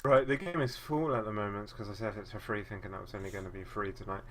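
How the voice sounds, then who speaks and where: A British man joining a casual chat, easygoing and quick to laugh. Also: on the low side, steady tone. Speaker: podcast co-host.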